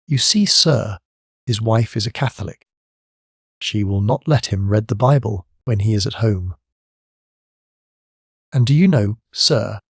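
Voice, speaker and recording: A man's voice: lowish voice, slightly rough, no echo, studio quality, full character voice. A man reading the part of a young male pirate lieutenant in an audiobook, speaking with a wry, knowing tone.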